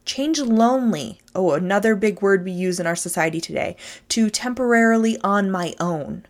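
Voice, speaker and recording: A woman's voice: medium pitch, normal speed. Emphatic woman giving a motivational talk. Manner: emphatic, animated, addresses listeners directly. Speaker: motivational speaker.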